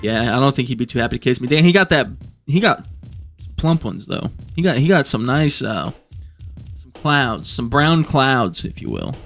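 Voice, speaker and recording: A man's voice: mid-range voice, sing-song, normal speed, fairly bright tone, soft background music. Rambling, profane male comedy vlogger. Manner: rambling, profane, self-amused. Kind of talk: joking casual commentary.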